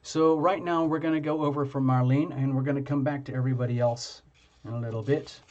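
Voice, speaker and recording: A man's voice: medium pitch, fairly even intonation, darkish tone, muffled recording. Rambling man hosting a live tarot stream. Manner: chatty, halting, many fillers and restarts. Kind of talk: casual live-stream chat.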